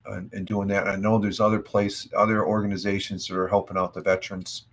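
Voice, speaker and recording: A man's voice: fairly low pitch, level tone, a little fast. A middle-aged American man hosting a casual morning livestream, rambling with many fillers and restarts. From United States. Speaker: livestream host. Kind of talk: casual morning chat reacting to news.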